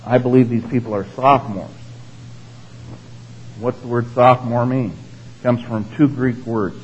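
A man's voice: medium pitch, fairly even intonation, normal speed, highs cut off, a little hiss or hum. A man preaching a sermon in a conversational teaching manner, asking the congregation questions and tagging his points with "all right?" and "okay?". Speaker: pastor.

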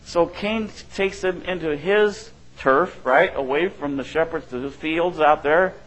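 Middle-aged man, pastor, relaxed conversational sermon delivery, a bit high-pitched. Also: a little slow, poor audio. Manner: conversational preaching, asks the room "right?", acts out quotes.

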